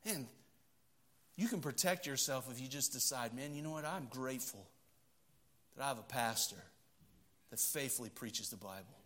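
A middle-aged man, preaching a sermon in church and telling stories, shifting between loud emphatic stretches and low quiet ones. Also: moderate pace, pauses often. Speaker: pastor. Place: church sanctuary.

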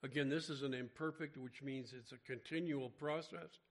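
A man's voice: mid-range voice, steady tone, normal speed. A man giving an informal Bible study sermon, talking conversationally with frequent restarts. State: mentions having an irregular heartbeat. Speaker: Bible teacher.

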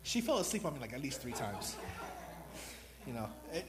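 A man's voice: medium pitch, big pitch swings, normal speed, rough recording. A man preaching a sermon in an earnest, rambling, self-deprecating way, new to speaking before this congregation. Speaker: lay preacher.

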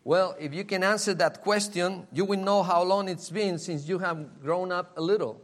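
A man preaching a sermon in a slow, earnest way, often repeating key phrases. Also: sits high.

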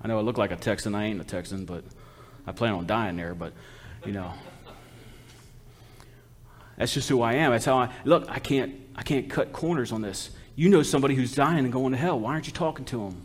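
A man's voice: mid-range voice, brisk, breathy edge. A man preaching a sermon as a missionary, folksy and exhortative, calling out to the congregation for responses.

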